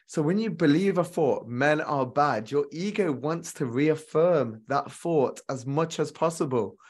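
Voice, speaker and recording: A man's voice: fairly high pitch, expressive, measured pace, darkish tone, slightly rough. A man giving a motivational relationship coaching talk straight to viewers, earnest and repeating key lines for emphasis.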